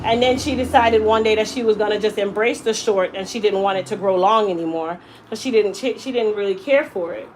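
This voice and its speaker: A woman's voice: mid-range voice, brisk, hardly any pauses, slight background noise, poor audio. A young adult woman, a hairstylist, telling an emotional personal story and acting out the voices she quotes. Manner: animated, acts out quoted voices. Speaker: hairstylist and salon owner.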